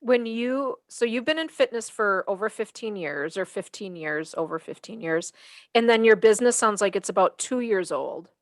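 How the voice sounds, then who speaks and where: A woman's voice: mid-range voice, animated, moderate pace, no room sound. A woman podcast co-host with a middling voice in a dry, close recording. She asks long questions that wander and correct themselves. Her tone is conversational throughout. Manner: rambling, self-correcting questions.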